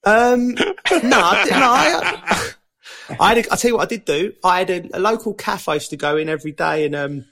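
A man swaps stories on a casual podcast. His voice sits slightly high. He talks in a loose, laddish way, restarting sentences as he goes. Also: expressive, a little fast, pushed and bright. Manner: chatty storyteller, laddish slang, many restarts. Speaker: co-host, former footballer.

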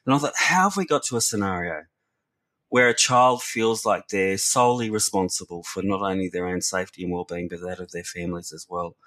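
A man's voice: sits low, a little fast, a bit bright. A man, a researcher and former youth worker, talking earnestly and reflectively in a podcast discussion, often restarting his words.

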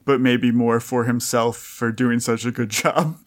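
A man's voice: medium pitch, little pitch movement, unhurried. A man running a tabletop game, narrating scenes in a casual, amused way. His voice sits in the middle of the male range. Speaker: game master.

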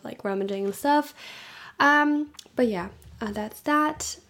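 A woman's voice: on the high side, vocal fry. A young woman hosting her own podcast, chatting casually and rambling a little, sounding tired, recorded at home. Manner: rambling, tired, with frequent ums and soft laughs. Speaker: podcast host. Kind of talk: casual solo podcast chat. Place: home room with noisy activity below.

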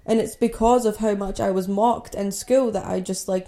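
A woman's voice: medium pitch, steady tone, moderate pace, dark tone. A young woman from Scotland hosting a podcast, telling a personal story in a candid, conversational way with lots of "like" and "you know". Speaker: podcast host.

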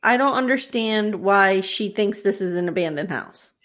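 A woman co-hosting a podcast, recapping a TV episode in casual chat, wry and animated, laughing often. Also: mid-range voice, moderate pace. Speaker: podcast co-host.

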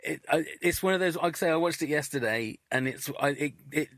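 A man's voice: on the high side, brisk, a bit bright, no echo. A man hosting a casual interview chat, rambling and restarting his questions as he goes. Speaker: host.

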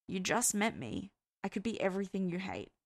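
A woman's voice: medium pitch, big pitch swings, a little fast, creaky, dry recording. A woman voicing a stubborn, guarded young man who answers in a reluctant, clipped way, read from a fan fiction audiobook.

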